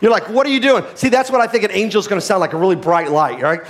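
A man preaching a sermon, swinging from quiet low lines to loud shouted ones and having the congregation repeat phrases after him. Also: animated, quick pace. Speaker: pastor.

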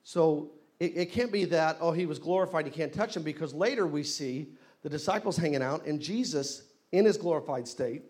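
A man preaching a sermon in a church, leading the congregation in call-and-response and rising to loud exclamations. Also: on the high side, normal speed. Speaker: pastor. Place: church hall.

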